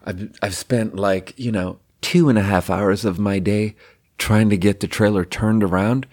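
A man's voice: fairly low pitch, fairly even intonation, unhurried, a little mellow. A man telling a long personal story in a casual, rambling way, swearing often and using lots of fillers. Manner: rambling and profane, heavy with fillers.

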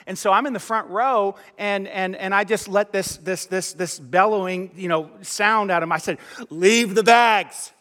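A male pastor preaches in a high, bright voice. He tells a personal story with animated, self-mocking flair and plays out the dialogue himself. The sound carries a long hall reverb. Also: normal speed, few pauses. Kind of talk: sermon storytelling.

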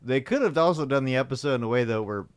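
A man's voice: medium pitch, fast, clean tone. A man co-hosting a podcast, chatting casually and animatedly, laughing often. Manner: animated, laughs often, acts out lines in a loud voice. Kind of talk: casual chat recapping a sitcom episode.

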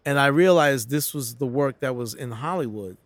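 Speaking at a moderate pace in a mid-range voice, this middle-aged New York City comic recounts stories during a casual interview. He voices the quotes himself and restarts frequently, captured on a dry recording.

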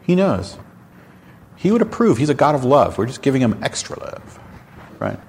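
A man hosting a candid faith talk show, speaking in a frank, animated storytelling manner. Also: medium pitch, brisk, creaky, slight background noise. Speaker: host. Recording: long hall reverb.

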